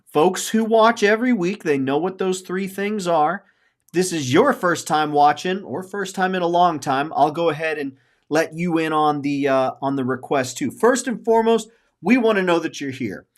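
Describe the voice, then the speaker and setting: A man's voice: high voice, normal speed. Earnest forty-something male podcast host. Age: 40s. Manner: earnest, openly emotional, rambling with repeated phrases. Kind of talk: casual podcast chat.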